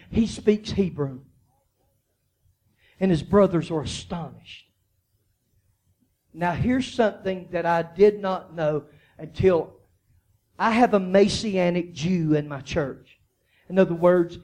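A male pastor delivers a sermon in a strikingly high voice at an unhurried, deliberate pace. He drops into soft, low storytelling and then climbs to loud, shouted peaks, repeating phrases as he builds. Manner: repeats and restarts phrases while preaching.

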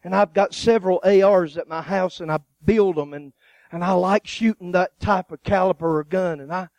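High-voiced, animated man preaching with humor. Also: moderate pace, no echo, highs cut off. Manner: animated, joking storytelling with laughs and acted-out voices. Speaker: guest preacher. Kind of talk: sermon.

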